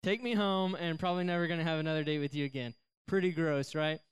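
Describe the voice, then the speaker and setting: A man's voice: a little high, fairly even intonation, fast, smooth. A young adult man giving a casual youth sermon, chatty and joking as he tells a story to a live group in a church service. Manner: chatty, joking, slips into silly voices for characters. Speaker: youth pastor.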